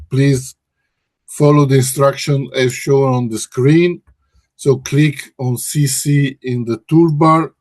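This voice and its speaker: Hosting a research webinar from an office in Brussels, this research director has a medium-pitched, darkish voice. He's hesitant, frequently starting over and fixing what he said. There is no echo.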